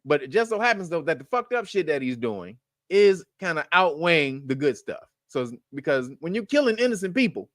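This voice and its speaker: A man's voice: on the high side, very animated, a little fast, a bit bright, dry recording, studio quality. A man hosting a casual commentary show, talking bluntly and profanely, laughing often and rambling with restarts.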